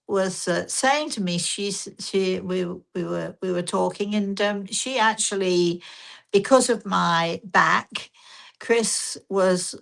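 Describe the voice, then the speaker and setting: Older woman with a gravelly voice. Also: mid-range voice, fairly even intonation, takes it slowly. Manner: gentle, rambling, with frequent restarts. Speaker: spiritual medium and host. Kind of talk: casual storytelling talk.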